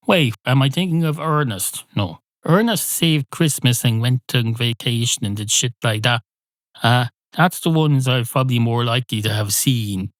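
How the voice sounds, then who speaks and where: A man's voice: medium pitch, no room sound. Rambling sweary man hosting a comedy podcast. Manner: rambling, sweary, mock-indignant asides. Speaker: podcast host. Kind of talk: solo comedic monologue.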